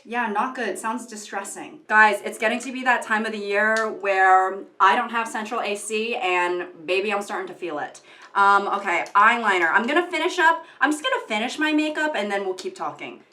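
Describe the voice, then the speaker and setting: A woman's voice: mid-range voice, normal speed, bright, forceful tone. Chatty woman vlogger in an echoey room. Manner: chatty, rambling, crude jokes, lots of fillers. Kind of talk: casual chat while doing makeup. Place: room at home. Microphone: camera mic, at times far from it.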